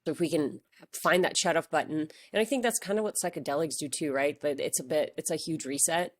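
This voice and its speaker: A woman's voice: low voice, fairly quick. A woman doctor hosting a podcast interview, chatty and affirming, asking long rambling questions. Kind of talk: conversational interview.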